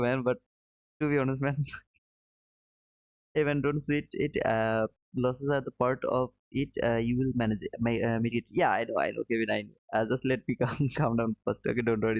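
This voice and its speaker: A man's voice: medium pitch, no room sound. A man hosting a live trading stream, talking to his viewers in an apologetic, self-critical way, often restarting his sentences. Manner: apologetic, self-critical, frequent restarts, non-native phrasing. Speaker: livestream trading host. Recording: dry, tinny phone-like sound.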